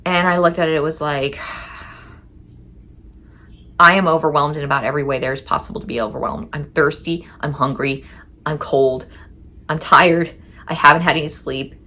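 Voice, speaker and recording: A woman's voice: low-pitched, moderate pace, long pauses, bright, forceful tone. A woman telling a candid first-person story in a chatty way, acting out what she said back then and cursing now and then. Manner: chatty and candid, swearing, reenacting her own past lines. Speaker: storyteller recounting her past.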